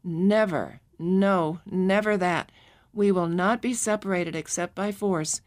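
A woman reading as a firm, protective young mother. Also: on the low side. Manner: firm, deliberate.

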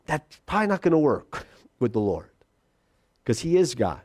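A male pastor preaching a sermon in a conversational way, repeating key phrases and slowing down for emphasis. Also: mid-range voice, big pitch swings, darkish tone.

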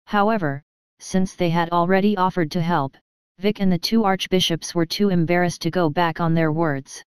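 A woman narrating an audiobook in a steady, even storytelling manner. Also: fairly low pitch, moderate pace, smooth, dry recording. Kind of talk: scripted narration.

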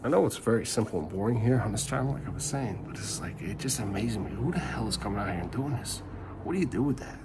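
A man's voice: on the low side, animated, fast, heavy background noise. A middle-aged man vlogging a frustrated, rambling rant to the camera, repeating himself and swearing, recorded on a phone. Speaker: family vlogger.

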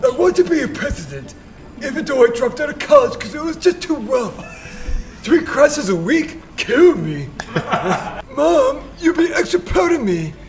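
A man's voice: extremely high pitch, sing-song, a little slow, voice pushed up, exaggerated voice, poor audio. A man voicing a dimwitted young male college dropout who giggles through his boasts. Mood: giddy.

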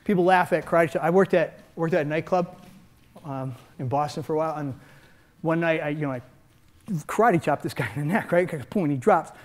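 Older male martial arts coach, high-pitched and energetic, punctuating the lesson with shouted sound effects. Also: brisk. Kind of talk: hands-on seminar teaching.

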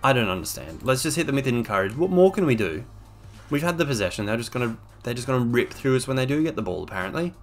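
A man's voice: medium pitch, sing-song, quick pace, soft background music. A young man commentating on his own gameplay, exasperated and sarcastic, ranting at a desk microphone. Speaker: game streamer.

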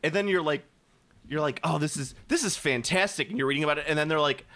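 A man co-hosting a casual gaming podcast, excitable, jumping up in pitch when he quotes himself. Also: quick pace. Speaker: podcast co-host.

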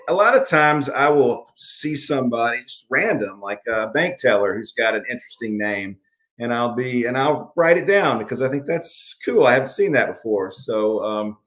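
This Alabama author speaks in a fairly low, somewhat bright voice with a Southern accent. Answering interview questions on a video call, he wanders from point to point, often restarting and leaning on filler words.

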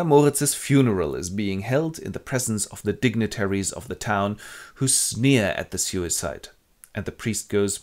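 A man hosting a comic retelling of a classic play, with wry deadpan asides. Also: lowish voice, normal speed. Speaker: host.

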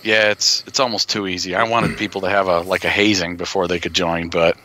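A man's voice: low-pitched, flat delivery, a little fast, pushed and bright. A man co-hosting a casual podcast, joking and rambling with many restarts. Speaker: podcast co-host.

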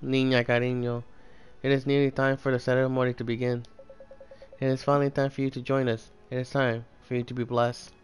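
A man voicing a soothing, devout old village grandmother in a put-on Spanish accent, reading game text slowly and haltingly. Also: medium pitch, little pitch movement, clean tone, faint music behind, natural voice. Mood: solemn, coaxing.

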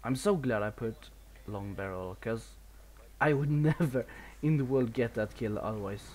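A man from Sweden casually comments live on the video game he's playing, his Swedish accent clear in a medium-pitched, slightly mellow voice at normal speed. He seems a bit nervous, swearing and laughing at himself, and there's slight background noise.

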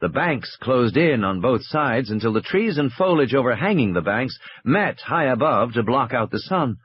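A man narrating an audiobook in a measured, expressive way. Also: mid-range voice, breathy edge, lo-fi sound.

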